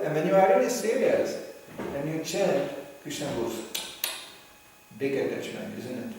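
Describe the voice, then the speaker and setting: A man giving an informal religious talk, animated and laughing often as he acts out the voices in his stories. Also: on the high side, moderate pace. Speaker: spiritual teacher. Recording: echoey hall, distant mic, faint hiss.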